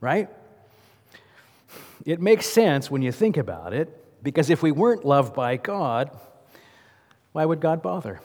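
A man's voice: a little high, very animated, a little slow, pauses often, darkish tone. Man preaching a conversational sermon. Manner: conversational, asks the congregation questions. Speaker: pastor. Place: church sanctuary. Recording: long hall reverb.

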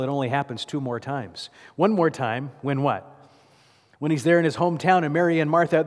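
A male pastor preaches in a church and tells the story with plenty of rhetorical questions. His mid-pitched voice carries a long reverb tail through the sanctuary. The delivery is vivid storytelling. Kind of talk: sermon.

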